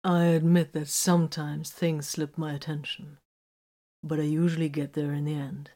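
Woman reader voicing an earnest male sergeant, low voice, slow and deliberate. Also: little pitch movement, warm tone. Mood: thoughtful. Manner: measured, deliberate, concerned.

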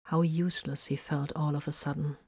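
Narrating a military sci-fi adventure from a script, this woman shifts from loud emphasis to abrupt hushed passages, though her delivery is flat overall. She speaks a little fast with a breathy edge in a lower-than-usual female voice, captured in a close, dry recording without room sound.

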